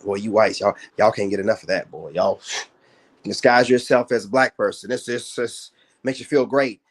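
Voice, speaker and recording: A man's voice: lowish voice, moderate pace. A man ranting on his livestream in a taunting, boastful way, with slangy, profane talk. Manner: taunting, trash-talking, boastful. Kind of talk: casual livestream rant.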